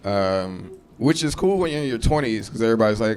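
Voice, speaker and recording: A man in his thirties doing a stand-up set, brash and profane, jumping into shrill high voices for punchlines. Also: fairly quick, few pauses, slight background noise. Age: 30s. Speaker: stand-up comedian. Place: comedy club stage. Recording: live club crowd laughter. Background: audience laughing.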